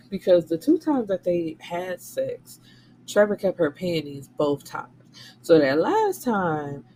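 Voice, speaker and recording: A woman's voice: fairly low pitch, mellow, slight background noise, rough recording. A woman hosting a book channel, recapping a novel in a casual, blunt and profane way, slipping into the voices of the people she quotes. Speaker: book reviewer and channel host.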